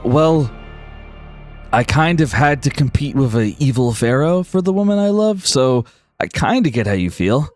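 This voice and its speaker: A man voicing a calm, sympathetic man who coaxes an angry friend to follow him. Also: medium pitch, moderate pace, faint music behind, lightly acted. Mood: coaxing. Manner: soft, coaxing.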